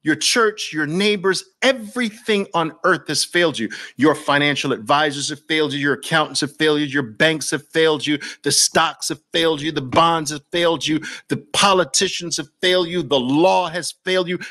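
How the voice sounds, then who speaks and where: A man, from Brooklyn, leads a persuasive masterclass with a slightly high voice. He hammers home short repeated lines and keeps firing rhetorical questions at the viewer. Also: moderate pace, few pauses, pushed and bright. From Brooklyn, New York. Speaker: trading educator.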